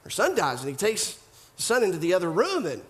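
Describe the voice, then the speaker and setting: A male pastor preaching a sermon in an animated style, full of rhetorical questions and repeated phrases. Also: high voice, brisk.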